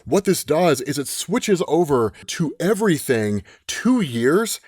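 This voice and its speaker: A man casually recapping a comic story, animated, quoting the characters as he goes and tagging lines with a quick "right?". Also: fairly high pitch, slightly rough, no room sound, clean studio sound. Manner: animated retelling, acts out lines in quick quotes, frequent "right?". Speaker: comic book explainer.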